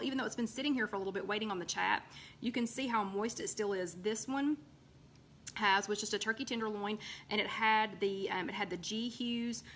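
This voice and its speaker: A woman's voice: medium pitch, a bit bright, slight background noise. A woman hosting a live recipe chat from her home, rambling casually with lots of ums and greeting viewers by name.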